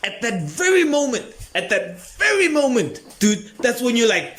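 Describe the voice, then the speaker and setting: A man's voice: extremely high pitch, big pitch swings, normal speed, fairly bright tone. A man hosting a comedy podcast, telling a rambling, profane story and laughing often. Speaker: podcast host.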